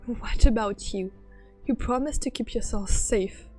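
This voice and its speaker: A woman streaming her reactions to a game, flustered and excitable, reading story text aloud in between. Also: on the high side, unhurried, breathy edge, soft background music.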